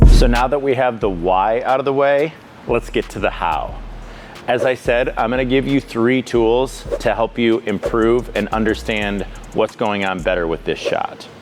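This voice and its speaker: A man teaching a sport in an instructional video, explaining step by step in a clear, methodical way. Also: fairly low pitch. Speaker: pickleball coach.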